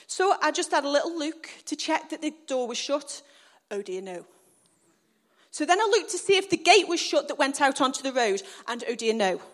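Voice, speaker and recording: A woman on a stage, preaching through a lively personal story she acts out. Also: sits high, moderate pace. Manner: animated storytelling, acting out scenes. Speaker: church speaker.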